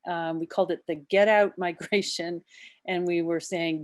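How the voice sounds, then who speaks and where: A woman's voice: lowish voice, steady tone, dry recording. A woman, a marine biologist and activist, telling her story in an impassioned, earnest way with many restarts and shifting pace. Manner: impassioned, frequent restarts, speeds up and slows down. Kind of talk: earnest first-person storytelling talk.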